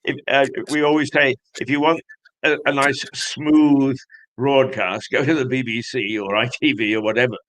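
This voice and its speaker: Bright-voiced hesitant male show host. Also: mid-range voice, fairly even intonation, moderate pace, poor audio. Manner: hesitant, many fillers and restarts, jovial. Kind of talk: magazine show interview.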